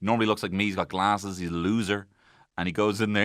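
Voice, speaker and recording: A man's voice: lowish voice, fairly even intonation, fast talker, clear, resonant tone, dry recording. A man hosting a comedy podcast from a studio. He recaps an episode in a rambling, jokey way and swears freely. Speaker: podcast host.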